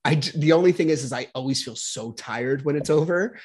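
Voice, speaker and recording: A man's voice: a little high, fairly quick, a little mellow, slightly rough. A man hosting a podcast, talking loosely and candidly, swearing casually and often restarting. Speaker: podcast host. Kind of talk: casual interview chat.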